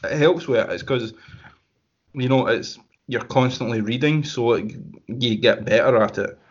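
A man's voice: medium pitch, normal speed, husky, highs cut off. A Scottish man in his twenties co-hosting a podcast, laid-back and easygoing, swearing casually. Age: 20s. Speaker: podcast co-host. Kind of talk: casual chat.

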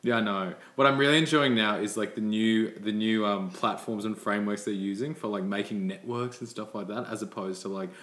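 A man's voice: on the low side, fairly even intonation, brisk, few pauses, a bit bright, reverberant. A man co-hosting a casual podcast chat, swearing a lot and laughing often. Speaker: podcast co-host.

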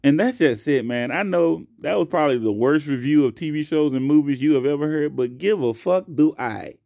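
A young man hosting his own podcast alone, talking casually and profanely into a close mic, swinging between loud outbursts and quiet asides. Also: a little high, a little fast, creaky, no room sound. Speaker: podcast host. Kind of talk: casual solo podcast rant.

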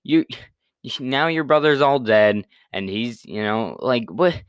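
A man's voice: mid-range voice, animated, slow, clean tone, no echo, clean studio sound. A man voicing God as an exasperated, slangy dude who scolds and stammers in a casual Bible retelling.

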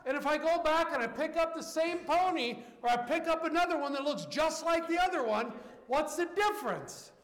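A male pastor preaching a passionate sermon, swinging from loud, shouted lines down to quiet, intimate ones. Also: very high-pitched, expressive, moderate pace, reverberant, big-room sound.

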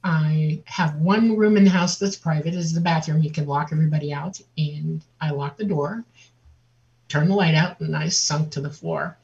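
A woman guest on an interview, telling a personal story in a lively way and acting out the voices of other people. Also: low-pitched, moderate pace, creaky. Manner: vivid, laughs often, acts out quotes. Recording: dull lo-fi audio.

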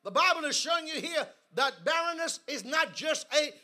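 Man preaching at church, really high voice, super bright and sharp, call and response, gets shouty. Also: expressive, normal speed. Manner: humorous storytelling asides. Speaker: guest preacher. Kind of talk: sermon. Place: church service.

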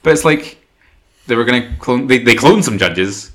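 A man's voice: medium pitch, animated, normal speed, a bit bright. A man co-hosting a podcast, chatting casually about a film and using lots of "like". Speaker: podcast co-host.

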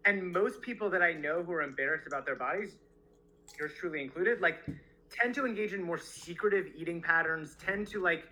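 A man's voice: on the high side, a little fast, pushed and bright, poor audio. A man co-hosting a book discussion podcast, talking reflectively and reading quotes aloud. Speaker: podcast co-host.

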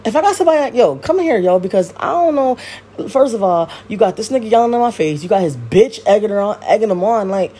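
A woman's voice: medium pitch, fast talker, husky. A woman hosting her own podcast, ranting casually with blunt, profane slang and lots of repetition. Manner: blunt, heavy swearing and slang; animated, repeats herself. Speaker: podcast host. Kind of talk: casual commentary rant.

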